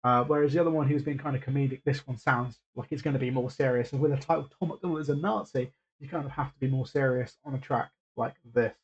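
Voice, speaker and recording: A man's voice: medium pitch, fairly even intonation, fast talker, few pauses, husky, dull audio. A man hosting a reaction video, talking casually and hesitantly with lots of fillers and restarts.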